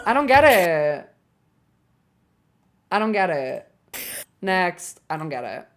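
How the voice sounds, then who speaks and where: A young woman in her twenties streaming, chatting casually and excitably with lots of filler words. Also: lowish voice, takes it slowly. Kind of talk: casual livestream chat.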